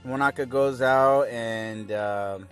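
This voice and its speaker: A man's voice: medium pitch, fairly even intonation, takes it slowly, fairly bright tone, soft background music. A young man casually recapping a cartoon episode, laid-back and crude with lots of fillers.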